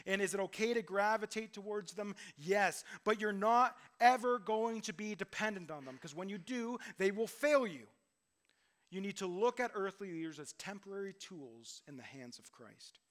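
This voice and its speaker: A man's voice: high voice, a bit bright. A man pastor preaching a sermon in a conversational way, with self-deprecating asides and emphatic repetition.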